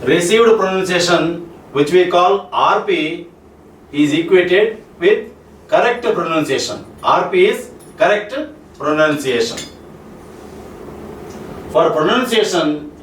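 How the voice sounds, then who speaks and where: Man, indian english accent, lecturer, repeats every point, roomy echo, far mic. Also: high voice. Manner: slow, repeats each point, asks "Clear?" and "Okay?". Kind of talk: classroom lecture.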